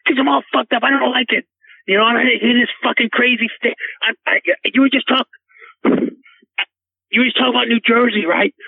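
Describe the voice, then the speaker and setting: A man's voice: extremely high pitch, fairly even intonation, fairly quick, gravelly, husky, dry recording, exaggerated voice. A man playing a frantic, cursing, tearful caller to a radio show, who rambles and stammers. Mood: ranting. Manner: swearing, rambling, stammering, breaking into sobs. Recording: tinny phone line.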